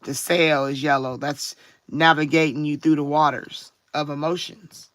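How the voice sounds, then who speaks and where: Woman card reader on a live stream, bright and dry, slow and reflective, keeps checking in with listeners. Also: sits low, flat delivery, no room sound. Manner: reflective, drawn-out emphasis, frequent "you know what I'm saying".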